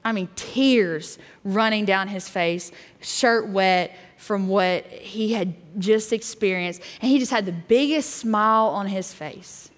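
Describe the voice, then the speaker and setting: A woman youth pastor preaches a sermon in a candid, storytelling way, full of fillers and restarts. Her voice sits at a middle pitch. The sound carries a long reverb from a large hall. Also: slow, few pauses.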